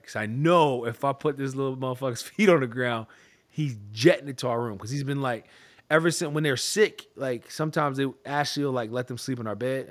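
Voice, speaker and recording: A man in his thirties, a father, telling family stories in a casual, profane chat. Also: medium pitch. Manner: profane, laughing storyteller.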